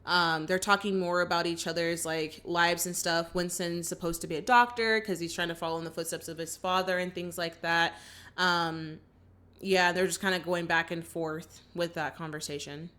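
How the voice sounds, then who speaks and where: A young woman hosting a casual movie reaction, recapping the plot in an animated way and acting out the characters' lines. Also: fairly low pitch, normal speed.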